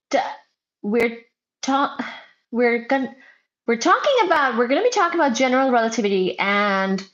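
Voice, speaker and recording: A woman hosting a physics livestream in casual chat, reading viewer comments loudly and playfully, near shouting at times, wearing headphones. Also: a little high, lo-fi sound.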